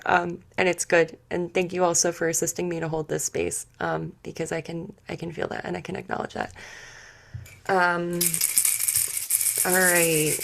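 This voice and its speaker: A woman giving an intuitive spiritual reading to a group, speaking haltingly and searching for words with many fillers. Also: lowish voice, level tone, vocal fry. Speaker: spiritual session leader.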